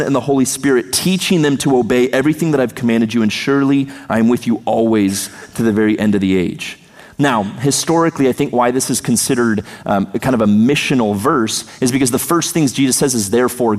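A man preaching a sermon to his church, earnest and emphatic, slowing down and pausing on the words he quotes. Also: mid-range voice, a little mellow. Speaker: pastor. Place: church sanctuary. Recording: long hall reverb.

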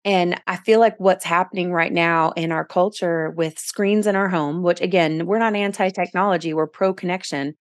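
A woman's voice: lowish voice, fairly even intonation, moderate pace, few pauses, no echo. A woman hosting a podcast, speaking earnestly and affirming her guest in casual conversation. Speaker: podcast host.

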